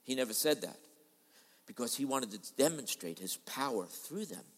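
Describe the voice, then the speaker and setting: A man's voice: mid-range voice, lively intonation, normal speed, husky. Man preaching in an echoey hall. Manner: dramatic preaching, acts out quoted voices, swings loud and soft. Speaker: pastor. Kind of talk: sermon. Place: large church hall.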